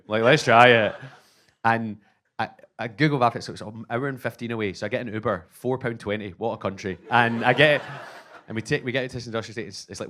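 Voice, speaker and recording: A Scottish man in his thirties doing stand-up, telling an animated, self-mocking story and acting out both sides of the conversations. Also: on the low side, slight background noise. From Scotland. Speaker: stand-up comedian.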